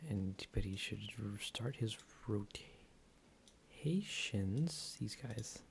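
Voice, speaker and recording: A man's voice: fairly low pitch, expressive, very slow, creaky, slight background noise. A man streaming live, thinking aloud as he edits a video, mumbling to himself with whispered asides and unfinished sentences.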